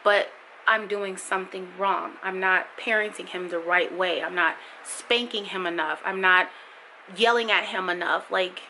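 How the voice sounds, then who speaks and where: A woman's voice: medium pitch, steady tone, measured pace, pushed and bright, slight background noise, rough recording. A young woman vlogging as a mother, talking frankly and emotionally straight to camera. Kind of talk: candid vlog monologue.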